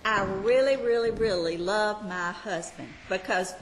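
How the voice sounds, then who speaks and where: A woman's voice: medium pitch, a little slow, big-room sound, a little hiss or hum. Chatty older woman teaching Sunday school. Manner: chatty, self-deprecating, homey teaching with asides. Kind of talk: Bible study teaching to a class.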